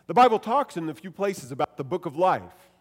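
A man preaching in a church sanctuary, his voice sitting a bit high for a man. Long reverb from the big hall trails after each phrase. He is animated, dropping soft and then rising loud as he acts out quoted lines. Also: brisk, breathy edge. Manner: animated preaching, acting out quoted lines with shifts in pitch and loudness. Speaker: pastor. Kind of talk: sermon.

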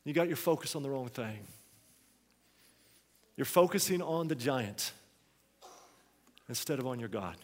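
A man preaching a sermon, telling a story with energy and moving from quiet asides to loud exhortation. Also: medium pitch, lively intonation, unhurried, pauses often. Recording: long hall reverb.

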